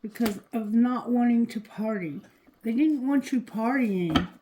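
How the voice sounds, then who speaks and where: A woman giving a casual tarot reading to her viewers, talking loosely and cursing, going quieter when she asks the cards. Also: fairly high pitch, a little slow, noisy background. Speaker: tarot reader.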